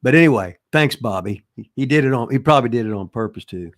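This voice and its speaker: A man's voice: medium pitch, expressive, quick pace. An older man tells rambling, profane wrestling stories, full of restarts and folksy asides. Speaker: retired pro wrestler answering listener questions. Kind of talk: casual storytelling chat.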